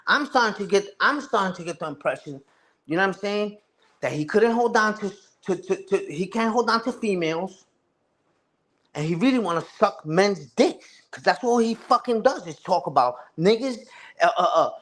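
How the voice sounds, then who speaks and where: A man's voice: high-pitched, expressive, moderate pace, fairly bright tone. A man ranting casually and profanely on a live stream, repeating himself and asking "you heard?" again and again.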